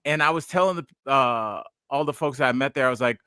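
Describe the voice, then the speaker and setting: A man's voice: medium pitch, fairly quick, sharp tone, clear, resonant tone, no echo, studio quality. A man in his forties, a podcast host and stand-up comedian, chatting casually and telling rambling, digressive stories.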